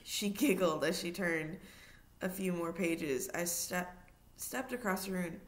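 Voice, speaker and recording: A woman's voice: lowish voice, measured pace. Woman reading a children's novel aloud. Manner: steady narration with asides to listeners. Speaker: reader.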